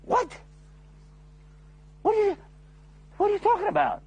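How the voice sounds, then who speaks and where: An excited crowd of townsmen, as a man puts them on, eager and loud in a children's storytelling. The voice jumps high and swoops all over, with a gravelly, raspy edge. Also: fairly quick, muffled recording, heavily acted. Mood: shocked. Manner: high, shouting, overlapping calls.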